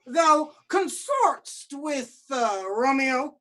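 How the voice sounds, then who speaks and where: Woman as Tybalt, hot-tempered, slow, swooping high voice. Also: expressive, sharp tone, slight background noise, full character voice. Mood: taunting. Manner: drawn-out, taunting. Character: swaggering, hot-tempered young male Tybalt.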